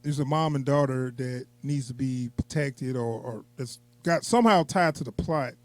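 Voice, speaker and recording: A man co-hosting a casual movie review chat, animated and laughing often, acting out quotes from the film in a raised voice. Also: medium pitch, moderate pace, dry recording.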